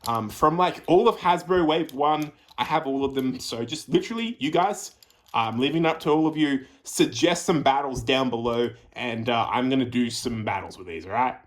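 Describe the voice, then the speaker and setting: A man's voice: mid-range voice, normal speed, a little hiss or hum. A man from Australia hosting his own channel, giving a chatty toy review full of fillers and restarts. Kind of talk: casual review commentary. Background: background music.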